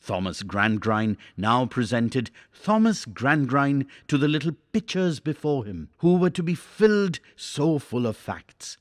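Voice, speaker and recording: A man reading a classic novel aloud for a class, measured and expressive. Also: medium pitch, dry recording, studio quality. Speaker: teacher.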